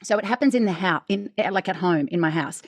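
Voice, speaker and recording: Deep-voiced Australian woman, casual chat. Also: fast, no room sound, studio quality. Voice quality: naturally deep, slightly husky voice. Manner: candid and animated, swears casually. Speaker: podcast co-host.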